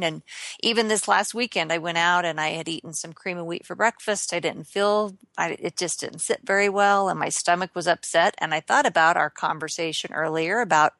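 A woman's voice: lowish voice, brisk, a bit bright, dry recording. A woman co-hosting a running podcast, chatting casually and jokingly with many restarts. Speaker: podcast co-host. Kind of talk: casual chat.

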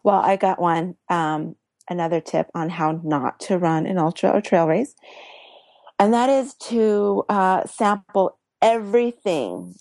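A woman's voice: on the low side, unhurried, darkish tone, no echo. Playful woman on a podcast. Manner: playful, listing things off. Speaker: podcast co-host. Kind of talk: casual chat.

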